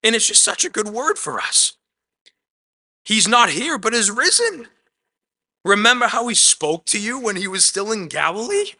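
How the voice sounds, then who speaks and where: A male pastor delivers a conversational sermon, his voice very bright and cutting, pitched a little high for a man. He leans hard on some lines and drops almost to a murmur on others, and he keeps slipping a casual "man" into his preaching. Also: very animated, moderate pace. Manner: swings between loud emphatic lines and soft quiet asides.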